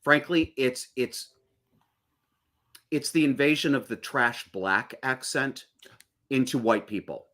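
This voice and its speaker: A man's voice: mid-range voice, lively intonation, slow, pauses often, fairly bright tone. Blunt, ranting, profane middle-aged man. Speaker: podcast guest. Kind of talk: casual chat.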